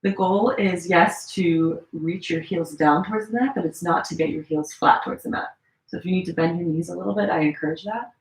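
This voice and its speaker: Chatty woman guiding a gentle yoga class. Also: on the low side, brisk. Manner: relaxed, chatty cueing with many fillers; demonstrating poses while talking. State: slightly strained while holding poses. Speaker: yoga teacher. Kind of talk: live-streamed yoga class instruction. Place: room at home. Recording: echoey room.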